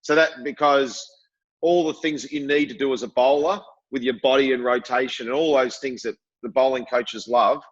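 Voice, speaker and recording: A middle-aged man as a podcast guest, telling lively stories and acting out what people said. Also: mid-range voice, normal speed, muffled recording. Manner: lively storyteller, acts out quotes. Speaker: guest, former cricketer. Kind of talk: casual interview chat.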